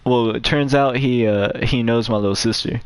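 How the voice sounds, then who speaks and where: A man's voice: mid-range voice, steady tone, moderate pace, smooth, no room sound. A man hosting a gaming channel, telling a rambling, profane story in casual chat, with frequent fillers. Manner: profane, rambling, acts out quotes in a raised voice.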